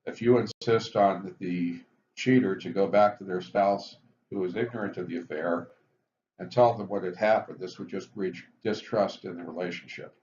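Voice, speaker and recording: A man explaining the twelve recovery steps in a measured, explanatory lecture, stressing each step heading. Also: low-pitched, steady tone, darkish tone. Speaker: physician teaching addiction recovery. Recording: dull lo-fi recording with faint hiss.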